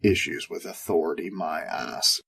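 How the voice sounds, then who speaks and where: A man's voice: deep voice, expressive, unhurried, vocal fry, a bit bright, breathy edge. A man narrating a first-person sci-fi story in a sardonic, darkly comic tone.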